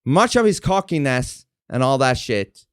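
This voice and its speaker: Male streamer, lively swinging pitch, foul-mouthed and defensive, dry close sound. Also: measured pace, clear, resonant tone, dry recording. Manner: animated, profane, defensive. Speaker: streamer reacting to a podcast clip. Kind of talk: casual reaction commentary.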